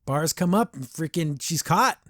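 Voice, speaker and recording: A man hosting a podcast, reviewing a cartoon episode in an animated, excitable way with many restarts. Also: fairly high pitch, a little slow, no echo, studio quality. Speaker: podcast host. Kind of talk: casual episode review chat.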